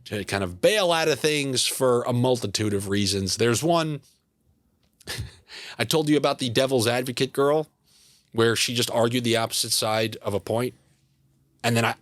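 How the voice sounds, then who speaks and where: A man's voice: medium pitch, dry recording. A man with a New York accent hosting a podcast, telling rambling stories in casual chat. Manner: rambling, animated storyteller who slips into impressions. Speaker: podcast host.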